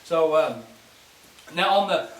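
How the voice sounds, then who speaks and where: Man, high register, easygoing folksy teaching manner, recorded from a distance in a roomy space. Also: slow pace. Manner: relaxed, folksy, repeats and restarts phrases. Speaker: goose call instructor. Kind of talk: casual spoken demonstration. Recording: distant mic in an echoey space, faint clicking.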